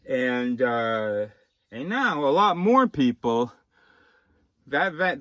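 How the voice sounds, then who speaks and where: A man talking in a rambling, casual monologue, swinging from low mumbles to sudden shouting and swearing. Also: dry recording. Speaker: vlogger.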